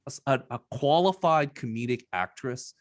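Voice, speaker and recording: Animated man with a dry close sound. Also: mid-range voice, normal speed, no echo. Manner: opinionated, emphatic, blunt critique. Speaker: podcast co-host. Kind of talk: casual movie review chat.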